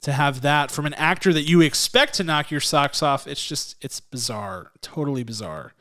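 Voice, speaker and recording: A man co-hosting a movie review podcast in a casual, relaxed style, laughing often and poking fun at himself. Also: fairly high pitch, normal speed. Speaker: podcast co-host.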